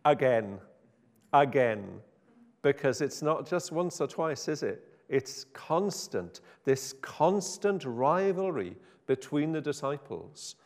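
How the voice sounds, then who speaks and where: Wry preacher in a reverberant hall. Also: male voice, fairly high pitch, very animated, takes it slowly, darkish tone. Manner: chatty, self-interrupting, wry humor. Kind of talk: informal sermon.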